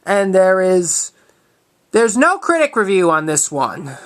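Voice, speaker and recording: Young man in his twenties, casual collector vlog, stop-start delivery with frequent word restarts, plain unhurried tone. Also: sits high, big pitch swings, fairly bright tone. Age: 20s. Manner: halting, restarts words, plain matter-of-fact tone. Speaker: video collector showing tapes. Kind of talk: casual show-and-tell vlog.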